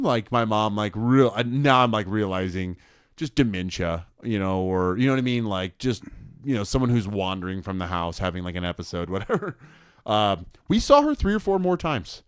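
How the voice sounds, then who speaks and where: A young man co-hosting a podcast, chatting casually and telling an animated story, quoting people in put-on voices and laughing often. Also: lowish voice, normal speed, clear, resonant tone, dry recording, studio quality. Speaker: podcast co-host.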